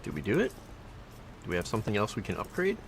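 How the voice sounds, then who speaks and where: A man's voice: fairly low pitch, wildly swooping pitch, fast talker, gravelly, slight background noise. A man streaming a video game, chatting casually with viewers, reading out loot and skill text and teasing his chat. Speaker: livestreamer. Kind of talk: casual gameplay commentary.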